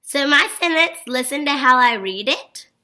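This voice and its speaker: Woman, elementary teacher, high voice, encouraging, expressive read-alouds, praise-filled. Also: moderate pace. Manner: upbeat and encouraging, frequent praise. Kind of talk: phonics lesson for young children.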